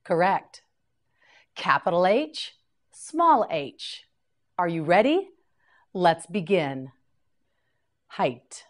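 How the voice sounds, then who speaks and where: A woman teaching English vocabulary in a slow scripted lesson, patiently repeating each word for learners to copy. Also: on the low side, animated.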